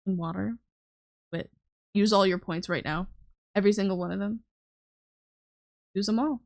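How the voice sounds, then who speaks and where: A young woman with a gravelly, vocal-fry edge to her mid-pitched voice. She teases and swears her way through a relaxed live-stream chat. The sound is close and dry, with no room around it. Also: moderate pace, dry recording. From Canada. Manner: teasing, swears freely, chats with viewers while drawing.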